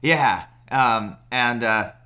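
A man's voice: mid-range voice, drawn-out words, sharp tone, clean tone. A man playing in a tabletop game, talking in a pushy, eager way. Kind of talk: in-character play chat.

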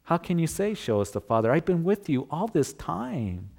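A man voicing a gentle, patient male teacher who speaks softly with a slightly disappointed tone. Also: a little high, sing-song, normal speed, vocal fry, voice pushed up, heavily acted. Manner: soft, gentle, pleading.

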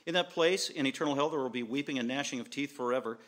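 A man's voice: medium pitch, quick pace, a bit bright. A man preaching a sermon as pastor, driving home his points with repeated short, emphatic declarations.

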